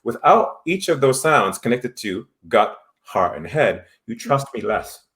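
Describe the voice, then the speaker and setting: A man's voice: mid-range voice, lively intonation, measured pace, a bit bright. A man, a voice and acting teacher talking in a conversational interview, who keeps stressing his points and tagging them with "right?". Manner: emphatic, tags statements with "right?".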